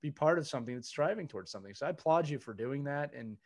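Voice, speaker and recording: A man hosting a relaxed podcast chat, speaking at an ordinary middle pitch. He jokes with his guest, then turns earnest and encouraging, his talk loose and full of fillers. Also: fast. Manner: teasing, encouraging, filler-heavy. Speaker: podcast host.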